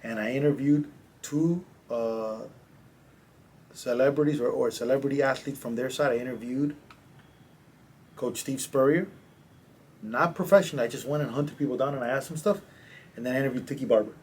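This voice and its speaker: A man, a coach, casually telling stories as a podcast guest, animated and slangy. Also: medium pitch, moderate pace, pauses often, slightly rough. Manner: animated, slangy, acts out quotes. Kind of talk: casual storytelling in a podcast interview.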